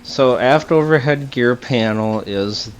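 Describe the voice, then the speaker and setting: A man on a casual podcast explaining upcoming work, unhurried and clearing his throat now and then. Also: medium pitch. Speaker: developer explaining panels. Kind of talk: casual chat.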